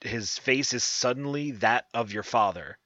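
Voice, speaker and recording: A man narrating a tabletop game as game master, describing scenes slowly and vividly over an online voice call. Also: medium pitch, sharp tone, no room sound, highs cut off. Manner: slow, vivid scene description with drawn-out words.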